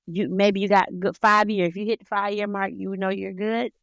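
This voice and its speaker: A woman's voice: medium pitch, flat delivery, moderate pace, vocal fry, fairly bright tone, dry recording. A woman hosting a podcast, asking curious follow-up questions in a casual chat. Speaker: podcast host.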